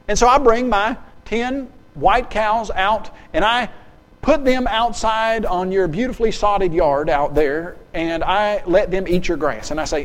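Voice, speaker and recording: A man giving a seminar lecture. He is lively and emphatic, acts out little dialogues and keeps firing questions at his audience. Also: high-pitched, normal speed. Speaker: seminar speaker. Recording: long hall reverb.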